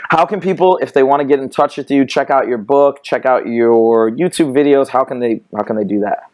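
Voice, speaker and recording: A man hosting a dating podcast, talking in an energetic, emphatic way and punctuating his points with sharp interjections. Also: mid-range voice, brisk. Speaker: podcast host. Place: Los Angeles studio.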